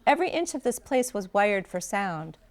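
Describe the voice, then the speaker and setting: A woman author reading a first-person passage aloud from her novel, in a steady, clear storytelling manner. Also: mid-range voice, moderate pace.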